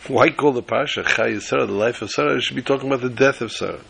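Rabbi delivering a folksy, emphatic sermon story; husky, raspy tone. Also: male voice, mid-range voice, quick pace, fairly bright tone.

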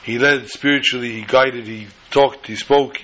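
Animated male storyteller, bright forceful voice. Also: mid-range voice, normal speed, poor audio. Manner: animated, dramatic storytelling with repetition. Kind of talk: storytelling lesson.

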